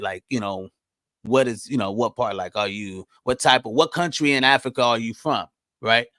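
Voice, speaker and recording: A man in his thirties hosting a podcast alone, answering live chat in blunt, profane talk that jumps loud and high when he gets riled. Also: moderate pace, no room sound. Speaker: podcast host. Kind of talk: casual solo commentary reading live chat.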